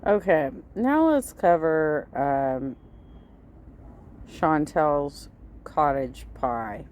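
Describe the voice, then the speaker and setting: Woman in her fifties, reaction host, low voice, unhurried, blunt and sarcastic, faint hiss behind. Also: animated, a little mellow. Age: 50s. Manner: blunt, sarcastic, swears freely. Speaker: commentary host. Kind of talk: casual reaction commentary.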